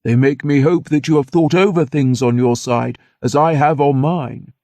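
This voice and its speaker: A man playing a measured, paternal older father. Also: medium pitch, a little mellow, dry recording, close to an everyday voice.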